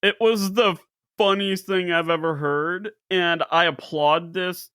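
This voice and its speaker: A woman's voice: fairly low pitch, takes it slowly, clean tone, dry recording, clean studio sound. A woman co-hosting a casual podcast, telling stories with lots of laughter. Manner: animated storyteller, laughs a lot. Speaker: podcast co-host. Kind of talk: casual chat.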